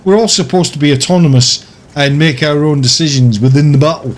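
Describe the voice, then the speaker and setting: A man's voice: a little high, a little fast, slight background noise. A man giving casual, ranting commentary over his gameplay, chatty and often laughing. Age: older. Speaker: gaming YouTuber.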